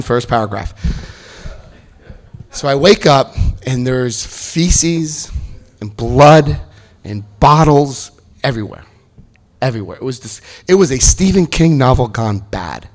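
Speaking at a recovery meeting, a fifty-something man shares his testimony with lively storytelling. He cracks jokes and switches to high-pitched voices for quotes.

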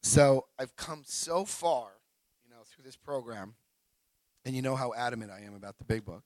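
A man's voice: mid-range voice, normal speed, no room sound, poor audio. Man telling an emotional recovery story. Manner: emotional, animated storytelling with restarts. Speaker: speaker sharing a recovery story at a meeting. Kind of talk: recovery meeting share.

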